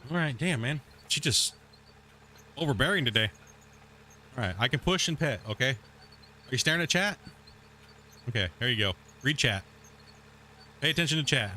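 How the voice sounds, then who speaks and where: Laid-back man streaming, bright voice. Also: mid-range voice, lively intonation, moderate pace, pauses often, slight background noise. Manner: laid-back, chatty, says dude a lot, coos at his cat. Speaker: gaming streamer. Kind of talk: casual live-stream chat. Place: home gaming room. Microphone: desk mic at a gaming setup.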